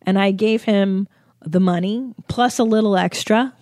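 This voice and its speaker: A woman's voice: medium pitch, normal speed, darkish tone, dry recording, clean studio sound. A young woman comedian telling a travel story with lots of swearing and self-mocking jokes. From United States. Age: young adult. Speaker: comedian and podcast host. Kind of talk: comic storytelling.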